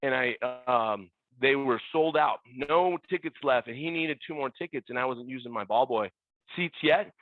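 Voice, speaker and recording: A man's voice: mid-range voice, normal speed, no echo. A middle-aged man telling stories as a podcast guest, acting out other people's lines in raised voices. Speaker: podcast guest, former ballboy. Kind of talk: animated storytelling. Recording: tinny phone-like line.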